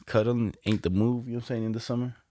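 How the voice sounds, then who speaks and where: A man's voice: mid-range voice, fairly even intonation, fast, warm tone. A man co-hosting a podcast, telling stories in loose, slangy, profane casual chat. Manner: laid-back slangy storytelling, lots of profanity. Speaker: podcast co-host.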